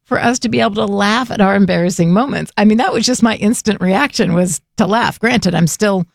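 A woman's voice: medium pitch, a little fast, vocal fry, no room sound, studio quality. A woman telling a funny personal story in a casual way and laughing through it.

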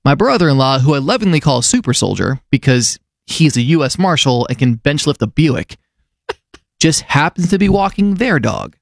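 A middle-aged man hosting a casual radio show, telling a funny story and putting on high squeaky voices for the people he quotes. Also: big pitch swings, normal speed, gravelly, no room sound, clean studio sound.

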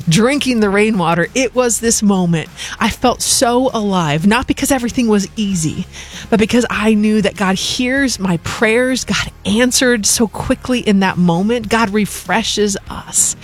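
A woman recounting a personal faith testimony in a heartfelt, reflective way. Her voice sits at a middle pitch, and soft music plays quietly underneath. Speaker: missionary sharing a testimony.

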